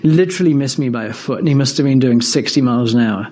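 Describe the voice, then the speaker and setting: Here an Englishman talks quickly in a medium-pitched, slightly mellow voice. The setting is an informal talk on evidence for God, where he tells personal stories in a reflective, chatty way and uses fillers often.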